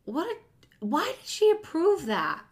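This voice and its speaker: A woman talking casually with a friend. She laughs easily and reacts with quick remarks. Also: high voice, wildly swooping pitch. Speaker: podcast co-host. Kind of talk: casual chat.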